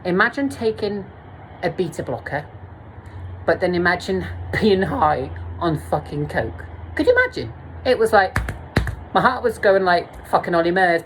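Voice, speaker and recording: Woman vlogger, low-ish voice, blunt and sweary, laughing at herself, faint hum behind. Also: poor audio. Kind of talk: candid storytime monologue.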